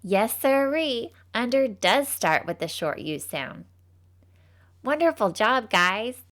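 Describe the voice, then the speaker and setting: Folksy young female teacher, voiced by a woman, slow and patient phonics delivery for preschoolers. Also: fairly high pitch, expressive, a bit bright. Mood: cheerful. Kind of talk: scripted children's phonics lesson.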